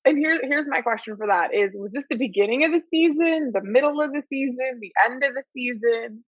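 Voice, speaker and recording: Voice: high-pitched, fairly quick, dry recording. Podcast co-host, frequent laugher, short reactions; dry, dull lo-fi audio. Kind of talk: casual podcast chat.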